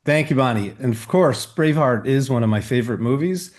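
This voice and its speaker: A man who coaches founders, answering as a guest in a measured, motivational way. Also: medium pitch, lively intonation, darkish tone. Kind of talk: interview answer.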